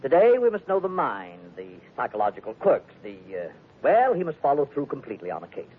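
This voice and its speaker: A pompous, fussy doctor. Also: male voice, mid-range voice, huge pitch swings, fairly quick, slight background noise. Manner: pompous, hesitant with uh's. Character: fussy, smooth-talking male doctor, pompous. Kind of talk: 1940s radio acting. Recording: tinny old radio broadcast.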